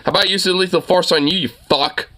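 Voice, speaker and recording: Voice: mid-range voice, fairly even intonation, fast, crowd noise. A young adult streamer reacting live to a political debate, mocking it with profane outbursts, laughter and stammering.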